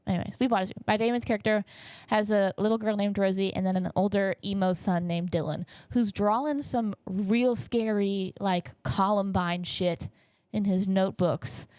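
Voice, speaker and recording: A woman's voice: medium pitch, steady tone, moderate pace, few pauses, darkish tone, smooth, no room sound, studio quality. A young woman hosting a podcast, telling stories in a rambling, jokey, self-correcting casual chat. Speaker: podcast host.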